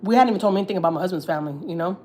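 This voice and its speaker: A woman's voice: lowish voice, rapid-fire, a little mellow. A woman, chatting casually and swearing freely as host of a gossip livestream, often repeating herself. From Houston, Texas.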